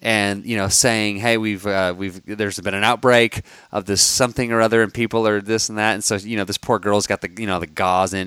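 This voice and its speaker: A man co-hosting a podcast in casual chat, rambling and halting with lots of fillers. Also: lowish voice, flat delivery, fairly bright tone, smooth, no room sound. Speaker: podcast co-host.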